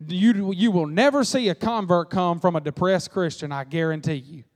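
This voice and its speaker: Folksy pastor preaching in a hall. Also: male voice, high-pitched, moderate pace. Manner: folksy, animated preaching with acted-out quotes. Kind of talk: sermon. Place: church sanctuary. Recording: long reverb of a church hall.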